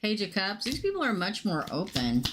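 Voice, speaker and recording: A woman losing her voice, hosting a casual live tarot reading and chatting excitably with viewers she calls by name. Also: mid-range voice, moderate pace, noisy background.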